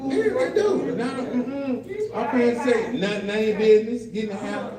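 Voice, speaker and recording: With an extremely high pitch and normal speaking speed, an older man delivers stand-up at an adult day center, indoors before a live audience. His material is family stories, with him acting out the voices of the kids and his own. The distant mic captures a roomy live room and laughter from the crowd.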